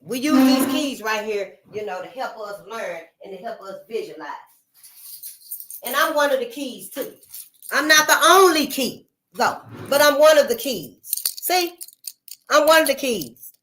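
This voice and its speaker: Her voice is a little high and expressive, with a fairly bright tone and a moderate pace. The woman hosting this channel speaks directly to viewers in a casual, emphatic, folksy monologue, calling them honey and y'all.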